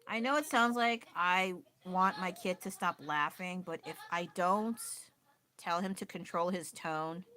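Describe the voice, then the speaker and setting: Bright-voiced woman ranting on a livestream. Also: fairly low pitch. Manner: ranting, laughing and swearing often. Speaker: livestreamer and painter. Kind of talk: casual livestream chat. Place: at home with her child nearby.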